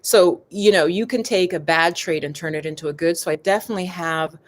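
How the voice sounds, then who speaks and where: A woman's voice: fairly low pitch, brisk, a little hiss or hum. Chatty woman, rambling live-stream talk. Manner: chatty and digressive, addressing viewers as "you guys". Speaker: yoga and meditation host. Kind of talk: casual live-stream chat.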